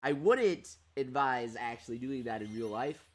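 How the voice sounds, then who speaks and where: Animated man streaming a mobile game. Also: mid-range voice, moderate pace. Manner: excitable, animated and chatty, often breaking into laughter. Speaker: streamer and host. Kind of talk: live gameplay commentary reading chat.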